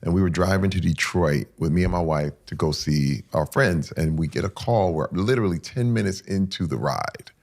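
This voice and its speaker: Speaking at normal speed with hardly any pauses, a middle-aged podcast guest with a deep, gravelly voice recounts an emotional personal story. He delivers it intensely, voicing others' words and moving between quiet and loud.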